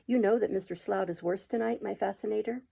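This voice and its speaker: A woman reading aloud and voicing a pompous middle-aged male parish official who woos with smooth, coaxing, self-important words. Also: medium pitch, fast talker, mellow. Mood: rapturous.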